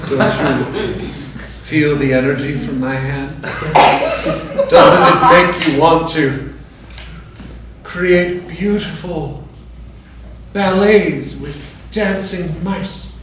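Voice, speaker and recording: A man's voice: a little high, very slow, long pauses. A man in a live improv scene playing a grandiose, self-adoring muse with a theatrical manner. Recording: echoey room from far off, noisy.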